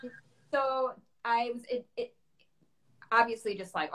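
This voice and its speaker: A woman from Chicago, a guest opera singer, telling her story in a casual interview. She talks in an animated way, acting out her past self in quotes and laughing often. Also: on the high side, measured pace. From Chicago, USA.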